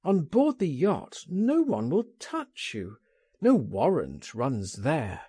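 A man reading an audiobook, voicing an eager gentleman who insists and coaxes his friend. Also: on the high side, slow pace, husky, dry recording, studio quality, heavily acted. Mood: insistent. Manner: insistent, coaxing, lively. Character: eager, persuasive gentleman urging a friend to flee.

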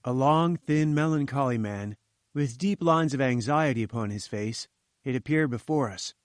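A man's voice: mid-range voice, normal speed, dry recording. Man narrating a story in a dry studio sound. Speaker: audiobook narrator. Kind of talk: scripted narration.

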